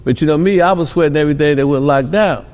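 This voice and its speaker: A middle-aged man from Milwaukee talks fast as a podcast guest, stringing loose stories together. His voice sits a bit high for a man, and he keeps tagging lines with "you know what I'm saying." A long reverb trails off behind him. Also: darkish tone. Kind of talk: casual interview storytelling.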